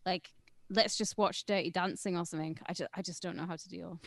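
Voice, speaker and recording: A woman's voice: fairly low pitch, fairly even intonation, a little fast, vocal fry, dry recording, studio quality. A woman co-hosting a podcast, blunt and joking in casual, profane chat. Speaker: podcast co-host.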